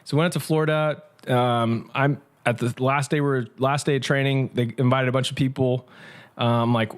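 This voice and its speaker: Male pastor guest, mid-pitched, lively talker with quick bursts and restarts. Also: clear, resonant tone. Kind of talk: conversational interview storytelling.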